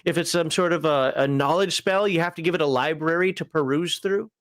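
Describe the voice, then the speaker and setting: A man co-hosting a relaxed tabletop gaming talk show, rambling with frequent laughs and fillers. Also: on the high side, brisk, no room sound, clean studio sound. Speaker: podcast co-host reviewing a tabletop magazine. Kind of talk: casual chat.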